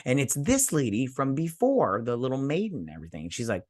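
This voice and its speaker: Casual man recapping with animated asides. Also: mid-range voice, brisk, hardly any pauses, no echo, studio quality. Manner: animated storytelling, acting out characters' lines with fillers. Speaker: show host reviewing a TV episode. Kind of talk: casual recap with quoted voices.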